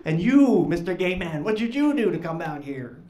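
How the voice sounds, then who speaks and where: A man's voice: high voice, very animated, normal speed, mellow. A man voicing a flamboyant, camp male Devil who shrieks with glee at evil, on stage in an echoey club. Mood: delighted. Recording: echoey club with audience noise.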